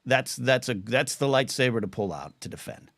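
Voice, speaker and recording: Man, co-host, casual chat, animated, many restarts, dry close sound. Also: medium pitch, normal speed, creaky, no echo. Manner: animated, talks over his partner with many restarts.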